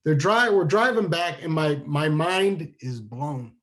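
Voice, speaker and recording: A man from New Hampshire telling a childhood story at a virtual storytelling show, animated and full of restarts, acting out the dialogue. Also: on the high side, takes it slowly. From New Hampshire, USA. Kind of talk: live storytelling over a video call. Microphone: video call microphone.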